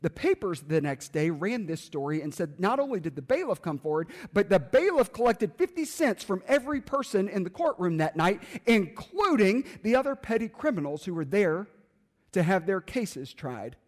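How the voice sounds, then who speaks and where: A man preaching a sermon and telling a story, using dramatic pauses and quiet, emphatic drops. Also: sits high, sing-song, long reverb tail.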